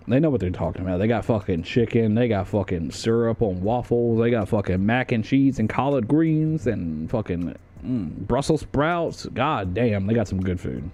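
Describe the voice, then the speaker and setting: A man's voice: mid-range voice, darkish tone. A man from the United States doing livestream commentary as he ranks a tier list, rambling and swearing with plenty of fillers and restarts. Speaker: streamer.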